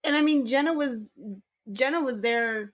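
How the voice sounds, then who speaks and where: A woman's voice: high voice, normal speed. A woman co-hosting a casual podcast, bubbly and teasing, laughing often. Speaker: podcast co-host. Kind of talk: casual chat.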